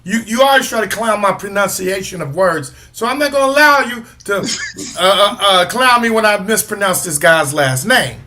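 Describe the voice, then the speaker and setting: A man with a high, bright voice talks sports with a co-host in a loose, rambling way. He jokes and trash-talks rival teams, trailing off and restarting as he goes. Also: expressive, normal speed, a little hiss or hum. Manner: rambling, joking, trash-talking. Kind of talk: casual sports chat.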